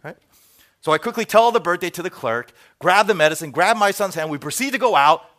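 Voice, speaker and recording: A middle-aged man preaching a sermon as pastor, telling stories and acting out bits of dialogue, then dropping to quiet asides. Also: high-pitched, brisk. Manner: animated storytelling, acts out dialogue, drops to soft asides.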